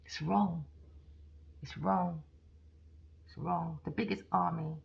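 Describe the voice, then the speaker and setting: A woman's voice: on the low side, fairly even intonation, slow, vocal fry, husky, dull audio. A tarot reader woman ranting in a heated, casual, profane way.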